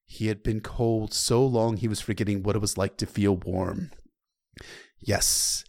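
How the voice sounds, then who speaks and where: Low-voiced man retelling a story. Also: fairly even intonation, unhurried, a little mellow. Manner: loose and conversational, with occasional profanity. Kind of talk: casual retelling of a novel with asides.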